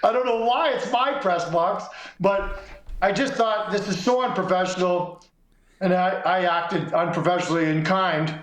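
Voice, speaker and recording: A man's voice: high-pitched, normal speed, roomy sound, low-quality recording. A middle-aged man, a sports columnist, casually telling a long story and acting out what people said. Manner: animated anecdote telling, acts out quotes.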